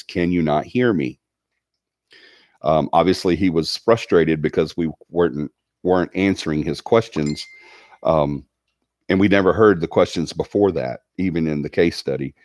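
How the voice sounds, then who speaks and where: Southern guy rambling on his livestream, really deep voice, dry close sound. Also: normal speed, a little mellow, no echo. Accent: Southern American. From Alabama. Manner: rambling, chatty, reads viewer comments aloud. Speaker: livestream host. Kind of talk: casual livestream chat.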